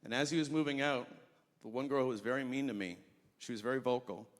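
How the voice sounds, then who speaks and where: A man doing an animated stand-up story, acting out the voices of the people in it. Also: medium pitch, fast talker. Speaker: stand-up comedian. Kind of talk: stand-up routine. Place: comedy festival stage. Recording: stage recording with long hall reverb.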